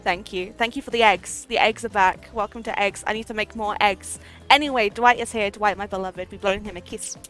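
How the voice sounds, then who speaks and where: A woman's voice: mid-range voice, steady tone, a little fast, fairly bright tone. A woman streaming a game live, chatting playfully with viewers, giggling often, and reading the game's text aloud. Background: faint game music.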